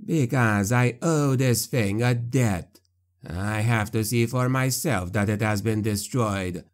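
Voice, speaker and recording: Male narrator doing a condescending necromancer, low, unhurried, menacing. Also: darkish tone, close to an everyday voice. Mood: grim.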